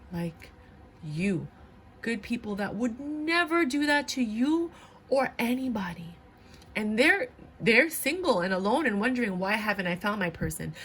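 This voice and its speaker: A woman's voice: a little high, slightly rough. A young adult woman giving a tarot reading, speaking bluntly and animatedly. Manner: animated, blunt, slips into voices of others. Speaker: tarot reader.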